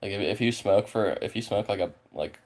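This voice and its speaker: A man's voice: on the low side, fairly quick, darkish tone. A man from the US Pacific Northwest chatting casually with viewers, rambling and swearing freely, his sentences full of fillers. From Spokane, Washington, USA. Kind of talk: casual chat.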